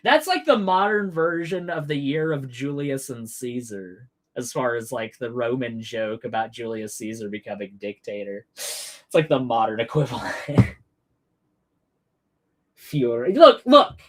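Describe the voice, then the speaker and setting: A man's voice: mid-range voice, a little slow. Sarcastic, profane male livestream ranter. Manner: sarcastic, swearing, animated rants. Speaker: political livestream host. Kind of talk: profane political commentary.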